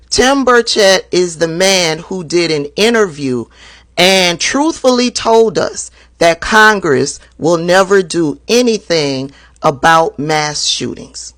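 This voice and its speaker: A woman hosting a political commentary show, reading a news account aloud in a slow, deliberate way. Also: fairly low pitch, fairly bright tone, no echo.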